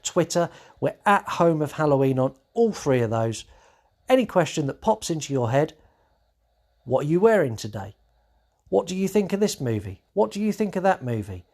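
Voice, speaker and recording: A man hosting a horror podcast, talking casually and rambling with many fillers. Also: medium pitch. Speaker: podcast host.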